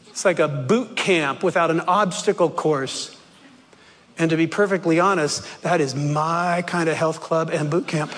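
High-voiced preacher in a reverberant hall. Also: male voice. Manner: slow, dramatic, swings between loud emphasis and hushed low lines; jokey asides with chuckles. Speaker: pastor. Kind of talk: sermon. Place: church.

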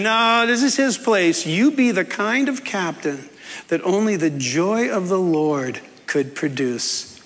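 A man preaches with a high, lively voice that swoops as he tells a story. He teases and coaxes his congregation with a playful touch. The sound carries a long reverb from the church hall around him. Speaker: pastor. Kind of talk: sermon.

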